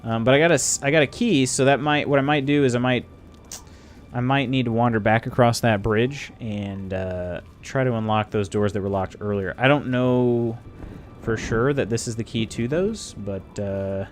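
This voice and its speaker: A man's voice: medium pitch, normal speed, soft background music. A man streaming a game live, chatting casually and thinking aloud to his viewers. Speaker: gaming streamer. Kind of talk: casual live gameplay commentary.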